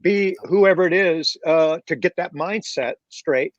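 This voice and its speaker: A man's voice: a little high, measured pace, no room sound, lo-fi sound. A man on a panel talking reflectively, with many fillers and restarts. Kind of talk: casual panel talk.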